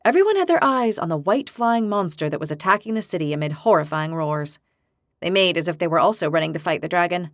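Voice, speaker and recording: A woman narrating a fantasy audiobook in a steady, measured reading. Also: fairly low pitch, no echo, studio quality. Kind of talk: scripted narration.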